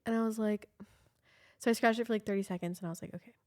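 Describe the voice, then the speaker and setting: A young woman tells a story in casual podcast chat. She is animated and says "like" constantly, with a mid-range voice. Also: mid-range voice, very fast. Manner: chatty, animated, heavy use of "like", laughs often. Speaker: podcast co-host.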